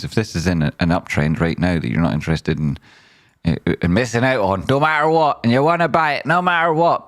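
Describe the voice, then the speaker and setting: Deep-voiced man rambling over charts. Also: dry recording. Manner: rambling and jokey, repeats "right?". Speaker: trading stream host. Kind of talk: casual chart commentary.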